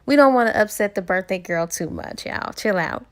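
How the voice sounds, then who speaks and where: A woman's voice: medium pitch, expressive, moderate pace, lightly acted. A woman quoting a playful joking man. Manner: lightly quoting, little change of voice.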